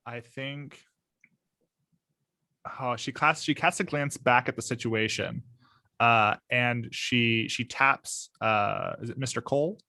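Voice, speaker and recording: Bright-voiced player, dry sound. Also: male voice, medium pitch, slow, no echo. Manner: thoughtful, with frequent fillers. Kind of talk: describing his character's actions in a tabletop game.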